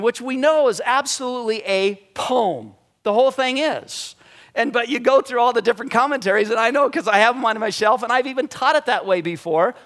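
A man preaching a sermon, animated and conversational, often restarting his sentences. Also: high-pitched. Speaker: pastor.

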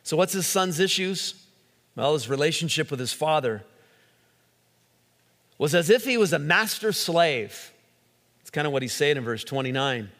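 A male pastor giving an animated sermon, acting out quotes as he preaches. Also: on the high side, moderate pace, long pauses. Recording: long hall reverb.

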